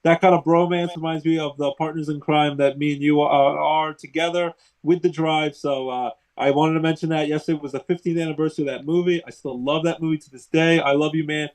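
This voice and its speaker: A man's voice: fairly high pitch, fairly even intonation, fairly quick, hardly any pauses, rough recording. Chatty sports show co-host, man. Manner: chatty, warm, hesitant with fillers. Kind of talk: casual sports talk.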